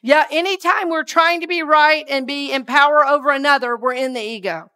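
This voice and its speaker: Woman minister leading a gentle sermon. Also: high voice, brisk. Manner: leads the congregation in call-and-response affirmations; soft and hushed when reading scripture and affirmations.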